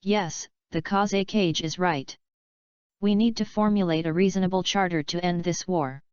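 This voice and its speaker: Woman reading agreeable male ninja chief, audiobook, lowish clear voice, dry close sound. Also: fairly even intonation, normal speed, dry recording, highs cut off, lightly acted. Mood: agreeing. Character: agreeable male ninja leader of a sea village.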